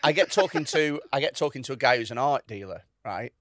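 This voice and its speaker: A man's voice: medium pitch, brisk, no room sound, studio quality. A man on a podcast, telling a story in casual chat. He swears a lot and acts out the other people's lines. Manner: animated, swears often, acts out quotes. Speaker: podcast host.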